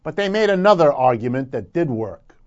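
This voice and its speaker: Male commentator with a slightly high voice, emphatic and lecturing, on muffled lo-fi audio. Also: sing-song, brisk. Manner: emphatic, lecturing, building points through repetition. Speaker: economic commentator. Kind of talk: radio commentary segment.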